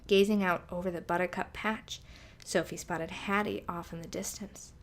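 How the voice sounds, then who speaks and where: A woman reading a storybook aloud for toddlers in a gentle, soft-spoken way. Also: on the low side, steady tone, normal speed.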